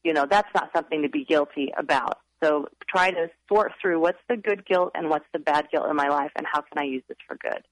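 A woman's voice: sits low, fairly quick, hardly any pauses, dry recording, poor audio. Woman, radio interview guest, upbeat, earnest, advice-giving, dry close sound. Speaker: author and guest.

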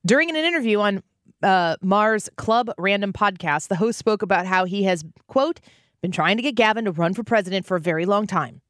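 A woman hosting a talk show, reading news stories aloud and giving animated, opinionated commentary. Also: medium pitch, a little fast, no echo, clean studio sound. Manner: animated, reads news aloud and acts out quotes. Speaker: radio show host.

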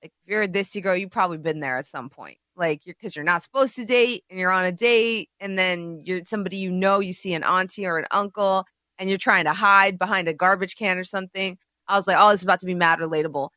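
A woman co-hosting a podcast who talks in a candid, profane and animated way, acting out scenes as she goes. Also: lowish voice, fast talker, no room sound, clean studio sound. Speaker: podcast co-host. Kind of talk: casual chat.

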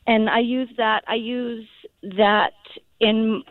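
A woman's voice: fairly high pitch, level tone, slow, no echo. A young woman calling into a radio show, upbeat and enthusiastic. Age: young adult. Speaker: caller. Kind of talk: call-in radio talk. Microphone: telephone. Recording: tinny phone line.

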